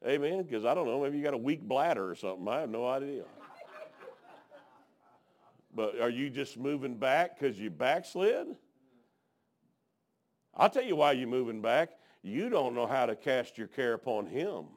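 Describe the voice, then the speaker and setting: A man's voice: mid-range voice, very animated, normal speed, long pauses. A middle-aged man, preaching a sermon in a folksy, colloquial, fervent storytelling style.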